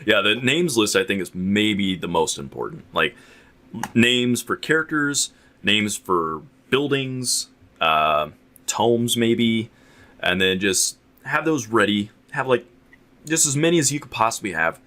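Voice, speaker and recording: A man's voice: lowish voice, expressive, measured pace, pushed and bright. A man chatting casually on a podcast, laughing often and agreeing eagerly.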